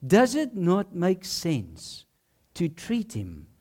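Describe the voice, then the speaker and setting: Preacher, sermon delivery, unhurried and very expressive in pitch, emphatic with rhetorical questions. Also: breathy edge. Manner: measured, punchy short phrases.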